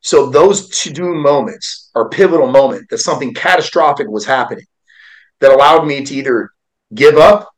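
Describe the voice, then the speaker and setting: A man in his forties speaks as a podcast guest, sharing his life story in an earnest, heartfelt way. His voice sits in an ordinary middle pitch, and his delivery swings between hushed and forceful like a motivational speaker. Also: normal speed, poor audio. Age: 40s. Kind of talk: emotional personal storytelling.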